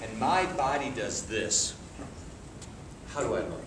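Lively man teaching a school assembly. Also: mid-range voice, measured pace. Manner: energetic, coaxing, asks questions and has the kids repeat phrases. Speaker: martial arts instructor. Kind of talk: school assembly talk with call-and-response. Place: large echoey room such as a school gym. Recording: echoey hall from far off with kids' noise. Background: children's voices and room noise.

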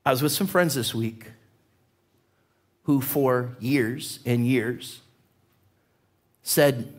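A man preaching a sermon as a pastor, telling a personal story in an animated way, his voice climbing as the tale builds. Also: mid-range voice, drawn-out words. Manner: animated storyteller, voice rising with excitement. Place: church.

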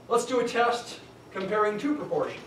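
A man's voice: high-pitched, animated, normal speed, fairly bright tone. Man lecturing in an echoey classroom. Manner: conversational, thinks aloud with restarts, tells asides. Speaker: statistics lecturer. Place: lecture hall. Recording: echoey classroom, distant mic, faint hum.

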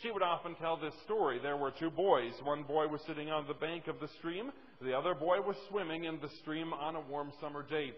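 Male preacher, highish voice, emphatic sermon delivery, long church reverb, dull lo-fi recording. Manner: emphatic, slows down for scripture quotes; storytelling with folksy asides.

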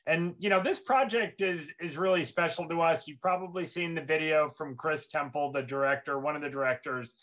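A man's voice: fairly high pitch, brisk, hardly any pauses, fairly bright tone, highs cut off. A man co-hosting a livestream, speaking earnestly and steadily with many fillers. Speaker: host. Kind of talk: livestream presentation.

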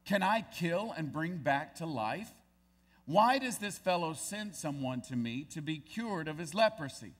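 A man's voice: fairly high pitch, lively intonation, a little slow. A male pastor preaching a sermon, reading scripture aloud and then pressing his points with growing emphasis. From United States.

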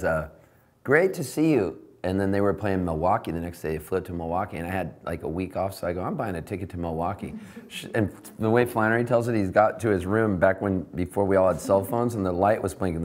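A man, a singer-songwriter, telling a rambling, animated backstage story in a casual interview. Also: low-pitched, fast. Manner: rambling, animated anecdote with laughs. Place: backstage at a tavern venue.

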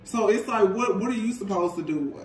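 A man giving a casual tarot reading in a gossipy, animated way, often breaking into laughter. The sound is roomy and taken from a distance with a faint hiss. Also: sits high, brisk. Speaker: tarot reader.

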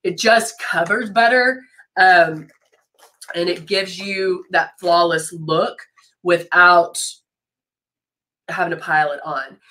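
A woman's voice: on the low side, sharp tone. A woman with a stuffed-up nose from a cold, hosting a live makeup tutorial in a chatty way, greeting viewers by name and laughing often. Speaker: brand educator hosting a live makeup demo.

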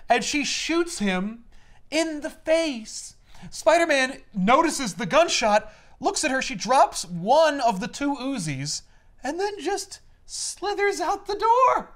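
A high-pitched man with a very lively voice, casually recapping a comic for his friends. He jumps in and out of quick character voices as he goes, and his talk climbs and dips constantly. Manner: animated, acts out character lines in quick voices. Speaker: comic podcast host recapping a comic.

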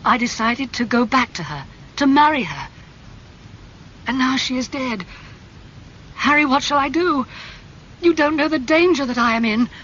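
A man voicing an impulsive, anguished young man who cries out in a high, strained voice. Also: expressive, moderate pace, pauses often, sharp tone, dull audio, slight background noise, full character voice. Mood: desperate.

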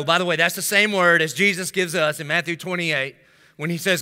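A man's voice: high-pitched, brisk, pushed and bright, clear, resonant tone. A middle-aged male pastor preaching a sermon, telling funny stories and making asides to the congregation in a large church sanctuary. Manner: storytelling, humorous asides to the congregation. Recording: long hall reverb.

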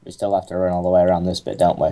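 Cheeky deep-voiced gamer guy. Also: completely flat delivery, racing, mellow. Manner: teasing, cheeky and sarcastic. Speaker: co-host gamer. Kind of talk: casual gaming chat.

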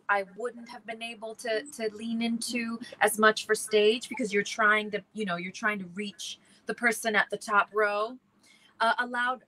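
Bright, earnest woman in her thirties. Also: on the high side, poor audio. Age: 30s. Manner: warm, earnest, searching for words with many likes. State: emotional, near tears. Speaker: actor in the play. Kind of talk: live virtual panel talk.

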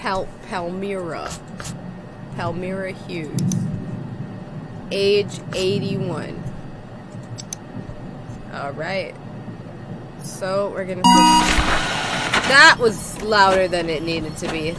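A woman's voice: medium pitch, animated, very slow, pauses often, very noisy. A woman streamer commentating on a horror game, frightened, screaming and swearing as she plays. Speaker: gaming streamer.

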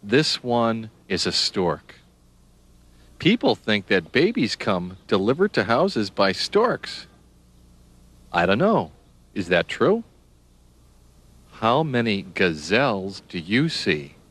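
Slow and deliberate, a man with a lowish voice teaches young children the names of animals. His delivery rises and falls in an animated, lively way as he spells out words letter by letter and pauses to ask the child questions. The pace is very slow and patient. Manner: asks the listener questions.

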